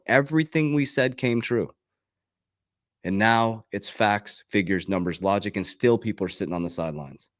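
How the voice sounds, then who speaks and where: A man's voice: mid-range voice, dry recording, studio quality. A man hosting his own channel, giving a passionate, preachy motivational talk to his webcam that swears freely and acts out the people he quotes. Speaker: crypto coach and channel host. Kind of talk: fired-up motivational talk to camera.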